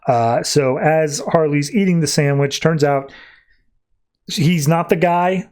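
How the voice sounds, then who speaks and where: A man's voice: a little high, unhurried, a little mellow. Casual male podcast host recapping comics. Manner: loose and conversational, with frequent filler words and restarts.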